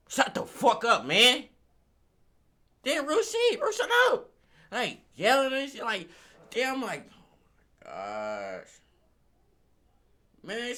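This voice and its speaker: A man's voice: high voice, pushed and bright. A man venting in a rant, exasperated, repeating himself and swinging from mutters to outbursts.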